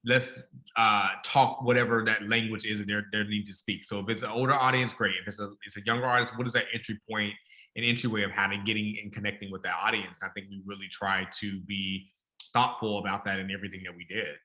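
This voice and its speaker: A man's voice: on the low side, bright, forceful tone, poor audio. A man with a Southern accent, co-hosting a podcast in a casual, enthusiastic way, often repeating words as he thinks. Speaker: podcast co-host. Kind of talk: casual conversation.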